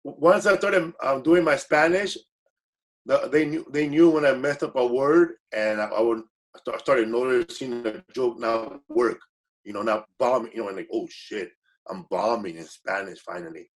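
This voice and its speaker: A man's voice: medium pitch, normal speed. A man from the United States, a guest comedian telling stories in casual podcast chat and acting out the people he quotes. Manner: storytelling with quoted voices, relaxed swearing.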